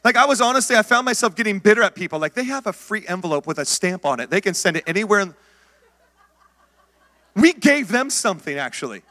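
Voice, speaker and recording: A middle-aged man preaching a sermon, telling his own story with lively acted-out lines and calling out to the congregation. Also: high-pitched, fast. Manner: animated storytelling, acts out his own past words; calls out to the congregation. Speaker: pastor. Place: church sanctuary. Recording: long hall reverb.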